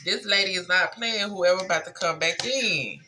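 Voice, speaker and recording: A woman giving a casual tarot reading, talking straight to her viewers in a relaxed, slangy way. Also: fairly low pitch, normal speed, slight background noise. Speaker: tarot reader.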